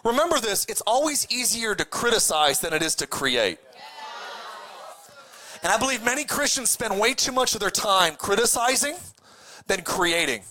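A man preaches with a high, bright, ringing voice. He is animated and emphatic, and he switches between conversational asides and raised, shouted declarations. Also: moderate pace, slight background noise. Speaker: pastor. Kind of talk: sermon.

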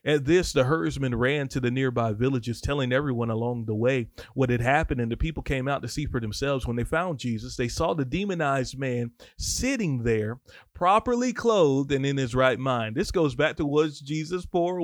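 A man teaching the Bible on a podcast in sermon style, reading scripture and breaking off into lively, casual asides. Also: medium pitch, normal speed, dry recording, clean studio sound.

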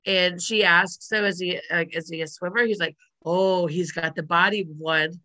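A woman's voice: lowish voice, fairly even intonation, moderate pace, bright, forceful tone. A woman casually retelling a sitcom episode, rambling with fillers and giggling often. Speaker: podcast co-host recapping a sitcom episode. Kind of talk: casual chat.

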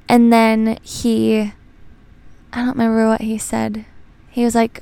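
Chatty young woman with vocal fry. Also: a little high, fairly even intonation, normal speed, a little mellow, no echo. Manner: chatty, rambling storyteller. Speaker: podcast host. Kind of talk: casual chat.

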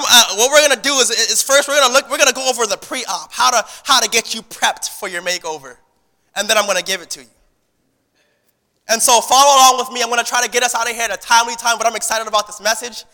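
Bright-voiced preacher man in a reverberant hall. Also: very high-pitched, fast. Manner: conversational preaching with repeated words and restarts. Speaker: pastor. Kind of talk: sermon. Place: church sanctuary.

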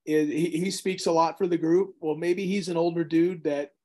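A man, a pastor, casually discussing scripture on a podcast, thinking out loud and asking questions. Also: fairly high pitch, steady tone, moderate pace. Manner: inquisitive, thinks aloud with restarts. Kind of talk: casual Bible study chat.

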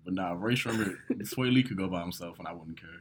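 A man chatting casually on a podcast, relaxed and slangy, often breaking into giggles. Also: sits low, quick pace, crowd noise. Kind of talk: casual chat.

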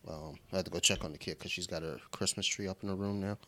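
A low-pitched man with a bright, forward tone, chatting loosely on a podcast over beers. He swears often and drifts into his young daughter's lines when he tells stories. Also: fairly even intonation, fast talker. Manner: laid-back, swears freely, quotes his daughter in voices. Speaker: podcast co-host. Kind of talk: casual chat over beer.

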